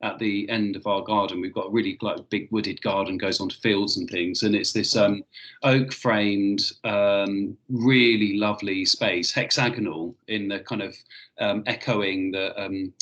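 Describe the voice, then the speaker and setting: A man's voice: fairly low pitch, steady tone, unhurried, a bit bright. A man, a headteacher guest on a podcast, talking enthusiastically with frequent ums. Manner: enthusiastic, hesitant with many ums. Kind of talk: casual conversational interview.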